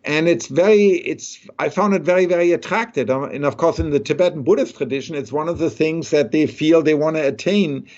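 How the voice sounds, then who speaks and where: Older guy explaining things thoughtfully, kinda high voice, dull lo-fi audio. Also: fairly quick, hardly any pauses, a little mellow. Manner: thoughtful, explains with many rhetorical "right?". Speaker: neuroscientist guest. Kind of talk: conversational interview. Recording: dull lo-fi sound.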